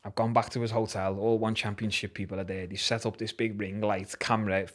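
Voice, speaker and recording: A man's voice: lowish voice, level tone, a little fast. A young man with a Liverpool Scouse accent telling a story in casual, swearing, slang-heavy chat. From Liverpool, England. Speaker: guest, MMA fighter.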